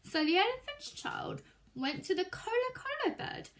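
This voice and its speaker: A woman's voice: extremely high pitch, sing-song, moderate pace, fairly bright tone. A woman reading a children's story aloud at storytime, expressively, and stopping to explain words for young listeners. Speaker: storytime reader.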